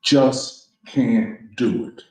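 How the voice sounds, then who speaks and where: In an echoey room, a man leads a political discussion at an extremely slow pace, his voice medium in pitch. He speaks emphatically, almost like a preacher, tossing out rhetorical questions.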